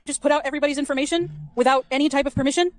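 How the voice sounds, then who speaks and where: A woman's voice: high-pitched, fairly even intonation, very fast. A woman in her twenties arguing in a defensive, frustrated and pleading way. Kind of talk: frustrated argument in a played clip.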